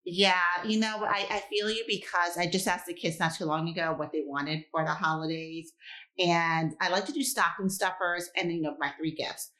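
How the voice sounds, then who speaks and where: A woman's voice: on the low side, steady tone, normal speed, fairly bright tone. A woman with a New York accent co-hosting a casual podcast, talking with enthusiasm. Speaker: podcast co-host. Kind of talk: casual chat.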